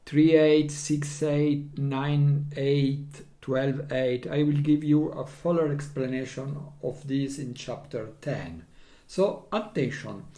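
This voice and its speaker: Slow, patient music teacher. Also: male voice, on the high side, mellow. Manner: patient, counts beats and chants rhythm syllables. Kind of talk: recorder lesson.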